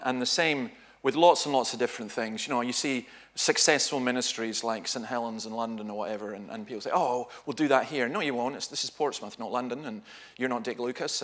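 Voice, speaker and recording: A man's voice: medium pitch, a bit bright. Scottish man giving a chatty church talk. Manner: conversational, humorous, self-correcting storyteller. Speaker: guest speaker. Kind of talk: informal church teaching talk.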